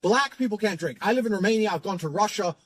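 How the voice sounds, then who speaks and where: A man's voice: sits high, expressive, fast, no room sound. A man, telling a brash, profanity-laden anecdote in a blunt way. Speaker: storyteller.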